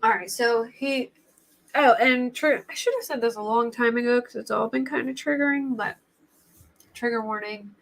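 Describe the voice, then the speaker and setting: A woman's voice: a little high, fairly bright tone. Flustered, chatty woman livestream host. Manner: rambling, flustered, quick to laugh. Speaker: true crime livestream host. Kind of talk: casual livestream chat.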